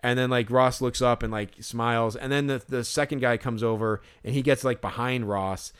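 A man's voice: medium pitch, fairly even intonation, moderate pace, a bit bright, clear, resonant tone. Rambling, foul-mouthed podcast co-host guy. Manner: rambling, swears often, heavy use of "like". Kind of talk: casual storytelling chat.

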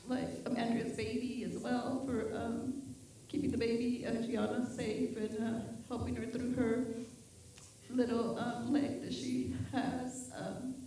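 A woman giving halting thanks at a church service, with many pauses and fillers. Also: fairly high pitch, level tone, mellow. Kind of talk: spoken prayer of thanks. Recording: echoey room, voice from far off.

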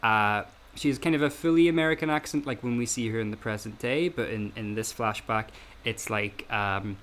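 A man's voice: lowish voice, moderate pace, a bit bright. A man hosting a casual analytical chat, hesitant, with many fillers and restarts. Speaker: podcast host.

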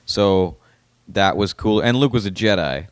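A man co-hosting a podcast in casual chat, telling stories in quick bursts and acting out quotes. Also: deep voice, smooth, no room sound, clean studio sound. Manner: animated storyteller, quick bursts, acts out quotes. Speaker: podcast co-host.

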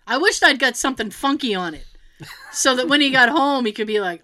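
A woman's voice: sits high, a little fast. A woman telling a funny story in casual chat, acting out what others said and laughing often. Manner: animated, acts out quotes of others, laughs often.

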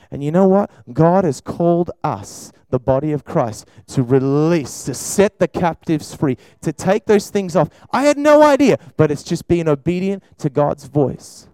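A man's voice: a little high, animated, unhurried, few pauses, no echo, rough recording. Fervent male preacher, dry close sound. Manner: fervent, swinging from loud praying to quiet talk. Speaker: pastor. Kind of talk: sermon with prayer. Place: church service.

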